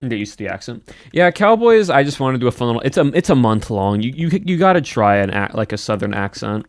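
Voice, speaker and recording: A man's voice: mid-range voice, big pitch swings, quick pace, dry recording, clean studio sound. A man streaming live, chatting casually and rambling while he answers his chat.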